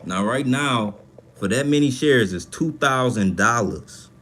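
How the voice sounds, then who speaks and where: A young man holds forth on a casual livestream, rambling and swearing, and breaking off to answer comments from his viewers. His voice sits at an ordinary pitch for a man. A faint hiss of background noise runs under the recording. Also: unhurried. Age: young adult. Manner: animated, profane, rambling, reacting to chat comments. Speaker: livestream host. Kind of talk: casual livestream talk about money.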